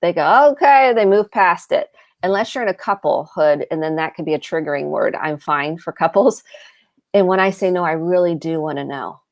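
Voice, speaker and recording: A woman's voice: deep voice, moderate pace, dry recording. A middle-aged American woman from the Midwest, a therapist giving earnest advice and acting out example lines. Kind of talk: advice talk on a live show.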